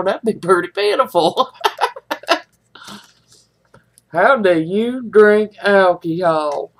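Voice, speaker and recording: A middle-aged woman, chatting in a folksy, rambling way to viewers of her live stream. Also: fairly high pitch. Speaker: livestream host. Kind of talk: casual chat with live viewers.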